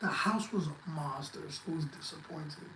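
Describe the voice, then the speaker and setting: Male guest, high voice, blunt and cursing, echoey room. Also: moderate pace, sharp tone, slight background noise. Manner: blunt, profane, emphatic advice-giving. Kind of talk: casual livestream chat.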